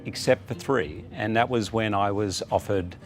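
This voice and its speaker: Man with a low voice. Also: faint music behind. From Australia. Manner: animated anecdotal storytelling with quick asides. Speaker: guest. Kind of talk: casual TV interview chat.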